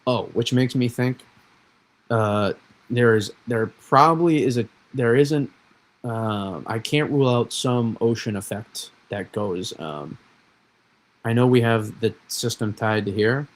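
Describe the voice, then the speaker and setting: A man's voice: mid-range voice, slow pace, low-quality recording. A man from New England hosting a weather livestream, rambling and self-correcting in casual chat.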